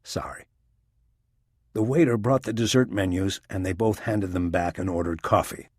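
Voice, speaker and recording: A man giving a steady, even scripted narration of a crime audiobook. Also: sits low, brisk, no echo, clean studio sound.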